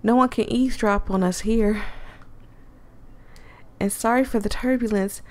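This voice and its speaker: A woman's voice: a little high, steady tone, unhurried, darkish tone, lightly acted. A woman voicing a bold young country girl pilot in a story game, with a put-on country accent and a breezy, teasing, confiding way of talking. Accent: put-on American country accent. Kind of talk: reading a story game aloud in character.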